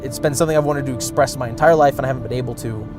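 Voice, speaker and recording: A man telling personal stories in a documentary interview, animated and acting out the voices of the people he quotes. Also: mid-range voice, very fast, music in the background.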